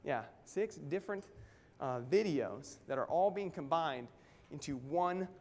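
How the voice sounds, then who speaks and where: A man giving an energetic motivational talk at a company event, constantly firing questions at the audience. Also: on the high side, unhurried. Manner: energetic, keeps quizzing the audience. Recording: long hall reverb.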